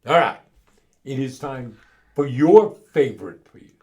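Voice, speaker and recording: A man co-hosting a casual podcast, chatting and telling jokes with a lively delivery. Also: medium pitch, unhurried. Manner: lively, laughs at jokes, acts out voices in stories. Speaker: podcast co-host.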